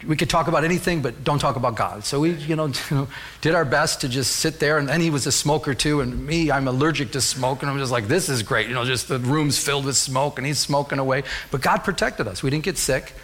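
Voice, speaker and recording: A man's voice: medium pitch, fast talker, fairly bright tone. A middle-aged man preaching a sermon as pastor, telling a personal story and rising to fervent calls to the congregation.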